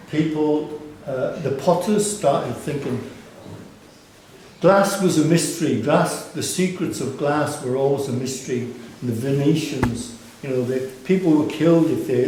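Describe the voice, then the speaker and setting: A man's voice: medium pitch, measured pace, a little mellow, a little hiss or hum. Rambling man in an echoey gallery. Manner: rambling, many restarts and fillers. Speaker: artist and curator giving a gallery talk. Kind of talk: casual anecdotal storytelling. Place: gallery exhibition space. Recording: echoey room from far off.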